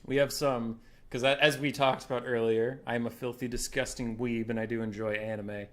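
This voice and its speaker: A man's voice: mid-range voice, flat delivery, normal speed, a bit bright. A young man co-casting a game tournament, chatting casually, joking and laughing often. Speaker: co-caster.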